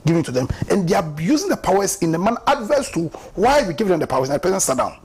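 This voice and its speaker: A man's voice: high voice, very animated, very fast, slightly rough, faint music behind. A man with a Ghanaian accent giving impassioned, mocking political commentary on a talk show, often repeating words for emphasis. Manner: impassioned, mocking, repeats words and laughs at his own jabs.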